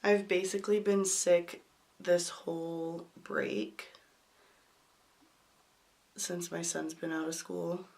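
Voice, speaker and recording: Casting note: young woman beauty vlogger, hoarse with a cold, slightly low voice, chatty and apologetic. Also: steady tone, slow pace, pauses often, darkish tone, slight background noise. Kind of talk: makeup tutorial talk.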